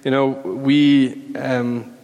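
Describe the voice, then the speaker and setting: Slow-preaching man in a reverberant hall. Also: mid-range voice, level tone, darkish tone, dull audio. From Peru. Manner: earnest, repeats phrases, rising to fervent emphasis. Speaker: pastor. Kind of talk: sermon. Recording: long reverb of a large room.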